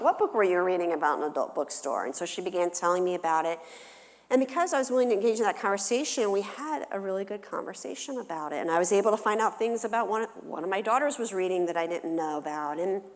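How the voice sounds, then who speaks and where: A middle-aged woman counselor giving a church talk, telling family stories with animation and acting out her children's voices. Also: fairly low pitch. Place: church sanctuary. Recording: long hall reverb.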